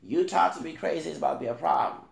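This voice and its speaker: A man, a vlogger telling a rambling, animated story in casual talk and swearing now and then. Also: fairly high pitch, very fast, creaky, echoey room.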